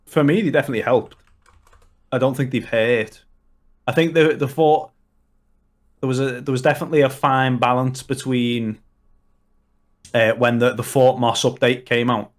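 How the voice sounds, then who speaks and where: A man's voice: mid-range voice, fairly even intonation, moderate pace, long pauses. A man from Liverpool with a Liverpool accent, a guest chatting at length on a podcast, with many restarts and fillers. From Liverpool, England. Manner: long-winded, full of restarts and fillers. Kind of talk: casual podcast chat.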